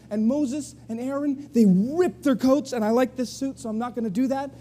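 A man preaching a sermon in a church, telling the story in a lively way and acting out the voices of the people. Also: extremely high pitch, normal speed. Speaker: pastor. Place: church sanctuary. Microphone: live stream.

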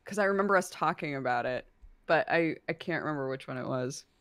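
A woman's voice: low-pitched, lively intonation, fast, fairly bright tone, dry recording. A woman co-hosting a podcast, chatting casually with many fillers and laughing asides. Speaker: podcast co-host. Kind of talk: casual chat.

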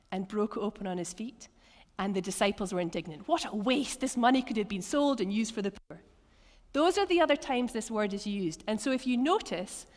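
Lively woman preaching in a reverberant hall. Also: a little high. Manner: lively, animated storytelling with acted quotes and laughs. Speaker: preacher leading a church teaching session. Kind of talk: interactive sermon with table activities. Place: church hall. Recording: long church hall reverb.

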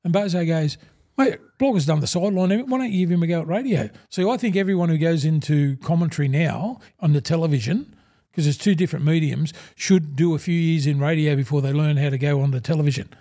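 Talking fast with few pauses in a slightly high voice, an Australian man in his sixties recounts animated stories as an interview guest. A former rugby league player who became a broadcaster, he acts out quoted exchanges in this casual storytelling, calling everyone "mate" constantly.

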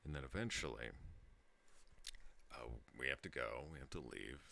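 A man's voice: rumbling low, expressive, normal speed, creaky, sharp tone. A tipsy man in his thirties telling a rambling story to his channel, laughing and breaking off mid-sentence. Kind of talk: casual storytelling monologue.

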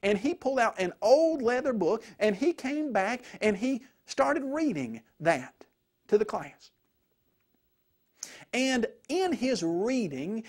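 A man's voice: high-pitched, measured pace. Man telling a story in a sermon. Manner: animated storytelling, emphatic. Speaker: preacher.

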